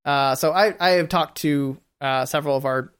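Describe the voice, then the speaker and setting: Hesitant man with a clear voice. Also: fairly high pitch, normal speed, a bit bright. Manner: hesitant, many "like"s and restarts. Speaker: podcast co-host. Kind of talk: casual chat.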